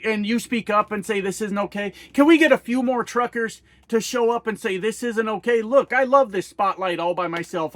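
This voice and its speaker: Fired-up profane trucker with a high voice. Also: male voice, a bit bright, no echo. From United States. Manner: heated, profane, rhetorical questions. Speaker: trucker vlogger. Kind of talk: angry political rant to camera.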